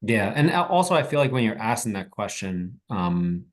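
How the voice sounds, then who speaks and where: A man hosting a webinar discussion, asking questions in a halting way and rephrasing as he goes. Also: on the low side, big pitch swings. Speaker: host.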